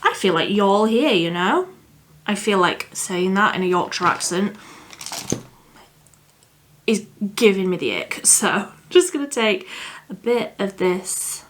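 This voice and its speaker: Casting: young woman vlogger, unhurried and chatty, musing aloud as she works. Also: mid-range voice, expressive, slight background noise. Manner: chatty, thinks aloud, laughs at herself. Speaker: beauty vlogger. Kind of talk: casual makeup tutorial chat.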